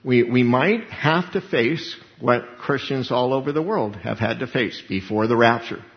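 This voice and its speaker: A man's voice: medium pitch, measured pace, long reverb tail, highs cut off. A man preaching a sermon, emphatic, repeating key words and acting out little dialogues.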